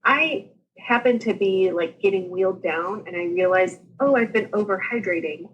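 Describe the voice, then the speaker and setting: A woman, speaking as a podcast guest. She tells her story in a lively, laughing manner and acts out the dialogue as she goes. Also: mid-range voice, moderate pace, highs cut off. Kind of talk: casual storytelling.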